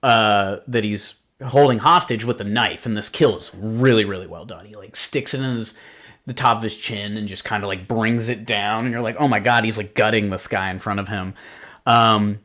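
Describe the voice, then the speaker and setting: Reviewing horror films on his podcast, a man chats casually, rambling with lots of fillers and cursing freely. His voice is fairly low and a bit bright, at a moderate pace.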